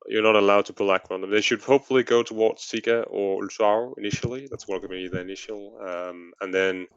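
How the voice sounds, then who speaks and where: A man leading raid tactics over voice chat, measured and hedging as he thinks aloud. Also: on the low side, steady tone, clean tone, no room sound, highs cut off. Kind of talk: casual voice chat strategy talk.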